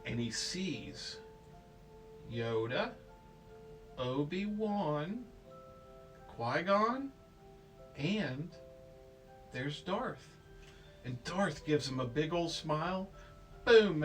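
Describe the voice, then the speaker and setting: A man's voice: a little high, lively intonation, takes it slowly, long pauses. A man telling a child an improvised bedtime story, playful and rambling, with silly sound effects. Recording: distant mic with faint music.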